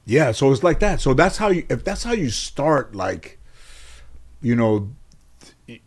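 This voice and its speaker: Animated storytelling man, loose and profane. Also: mid-range voice, a little slow, husky. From Los Angeles area. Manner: animated, profane, laughs at his own stories. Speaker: guest comedian. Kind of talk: casual storytelling in interview.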